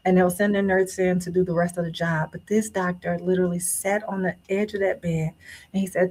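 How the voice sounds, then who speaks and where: Woman in her 30s telling a story on a radio show, fairly low voice, acts out the other people in it. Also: little pitch movement, fairly quick, darkish tone. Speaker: guest author. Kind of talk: casual storytelling. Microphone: phone or remote line.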